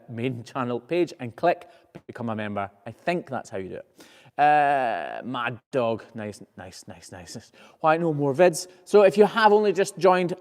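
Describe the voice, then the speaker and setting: An easygoing man hosts a casual live Q&A, reading each viewer question aloud after a quick "uh" and answering in a chatty, rambling way. His pitch sits at a middling level for a man. The sound hangs in a long, hall-like reverb. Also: darkish tone, clean tone. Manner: chatty and easygoing, frequent "uh" before each question, self-correcting restarts. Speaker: professional hoof trimmer and channel host.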